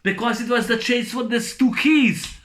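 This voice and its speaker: A man's voice: very high voice, normal speed, fairly bright tone. A man giving a casual spoken film review, rambling and repetitive, ranting with blunt swearing.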